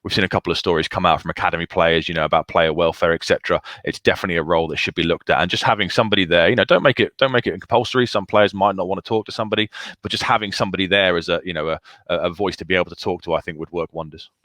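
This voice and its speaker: A man co-hosting a casual football podcast, talking in a rapid, emphatic way. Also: deep voice, fairly even intonation, fairly bright tone, no echo, studio quality. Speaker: podcast co-host. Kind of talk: casual chat.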